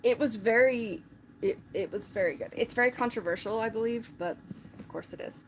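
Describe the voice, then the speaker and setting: A woman's voice: fairly high pitch, a little fast, a little hiss or hum. A woman chatting casually on a live stream, rambling with lots of filler words.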